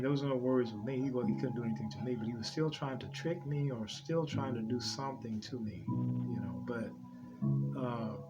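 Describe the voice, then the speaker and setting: A man, talking loosely about his dream visions, repeating himself often and restarting his sentences. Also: mid-range voice. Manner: rambling, repeats himself, many restarts and fillers. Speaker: preacher sharing dream visions. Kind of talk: unscripted religious talk. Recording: dull lo-fi audio with loud music underneath.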